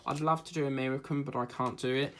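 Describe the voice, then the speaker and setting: A man's voice: mid-range voice, steady tone, fast talker, slight background noise. A man hosting a craft channel, chatting casually and rambling from one topic to the next with lots of fillers and jokes. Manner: chatty, digressive, jokey, with many fillers.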